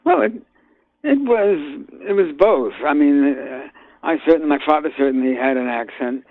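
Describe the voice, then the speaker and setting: Older male guest actor on a tinny phone line, gravelly voice, hesitant and full of restarts. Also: a little high, animated, no room sound. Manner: halting, many fillers and restarts. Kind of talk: phone interview.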